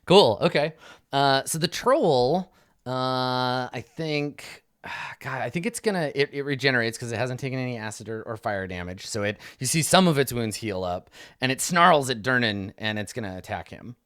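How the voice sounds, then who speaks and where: A man's voice: mid-range voice, expressive, normal speed, fairly bright tone, no room sound, clean studio sound. A man narrating as game master in a tabletop game, describing the combat loosely with many fillers and restarts.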